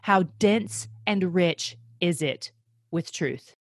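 A woman from the United States talking casually as an interview guest, animated and fond of acting out voices. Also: on the low side, slow, no room sound, studio quality. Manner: animated, acts out voices when telling a story.

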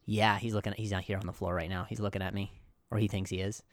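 A man's voice: lowish voice, flat delivery, fast, no echo. A young adult man hosting a casual comedy podcast, rambling through a story with lots of jokes, asides and restarts. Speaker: podcast host.

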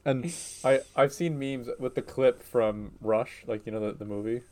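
A man's voice: medium pitch, moderate pace, a little mellow. A man co-hosting a casual chat show, talking in a laid-back, hesitant way with many fillers. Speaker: podcast co-host.

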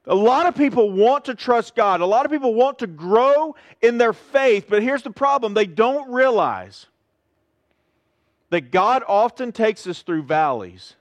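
A man's voice: extremely high pitch, animated, measured pace, dry recording, lo-fi sound. A man preaching a sermon as pastor in a church service, in a conversational way and asking his congregation questions.

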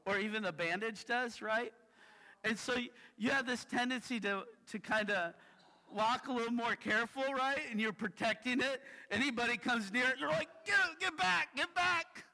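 A male pastor with a high, bright, forward voice, preaching in a casual, chatty way. He keeps tagging lines with "right?" as he tells his stories. His voice carries with a long echo through a large hall. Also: fairly even intonation, normal speed. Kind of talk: sermon with personal stories. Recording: reverberant hall.

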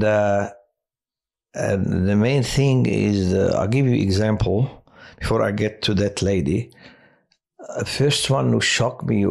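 Low gravelly man, halting testimony. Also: darkish tone. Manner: halting, with many restarts and fillers. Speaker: hospital chaplain. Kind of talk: personal testimony on a podcast.

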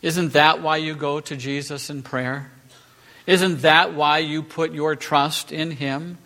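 On the high side and sharp in tone, this pastor's voice drives an emphatic sermon from a church pulpit. He poses rhetorical questions and lifts his voice on key phrases as the lines build.

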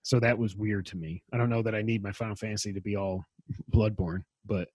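A man's voice: fairly low pitch, fairly even intonation, brisk, a little mellow, slightly rough, no echo. A man hosting a casual gaming news podcast, rambling and enthusiastic, poking fun at himself. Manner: enthusiastic, rambling, self-deprecating. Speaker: podcast host.

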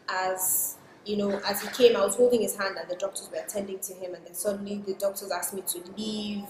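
Woman chatting on a podcast, soft reflective storytelling, voice trails off quiet, echoey room w long reverb. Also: mid-range voice, background noise. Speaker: guest sharing a personal story. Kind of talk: casual podcast chat.

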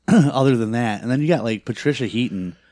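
A middle-aged man co-hosting a podcast, telling animated stories in casual chat and swearing freely. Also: mid-range voice, normal speed, no room sound, clean studio sound. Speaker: podcast co-host.

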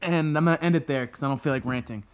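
A man reviewing a TV show on a podcast, exasperated and profane, breaking into high incredulous outbursts. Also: very fast, clean tone. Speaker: podcast co-host. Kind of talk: casual episode review rant.

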